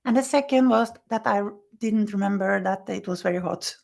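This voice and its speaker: A woman being interviewed, telling her recovery story in animated, halting, non-native English, acting out what people said. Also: medium pitch, creaky. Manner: animated storyteller who acts out quoted speech. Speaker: interview guest. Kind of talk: personal recovery story told in conversation.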